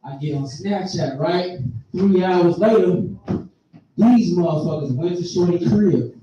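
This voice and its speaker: A man's voice: high-pitched, a little slow, lo-fi sound. A man telling profane stories in a stand-up comedy set, laughing as he goes. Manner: animated, profane, laughing through his own stories. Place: live comedy venue on stage. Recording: echoey venue, distant mic, crowd noise. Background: audience reacting.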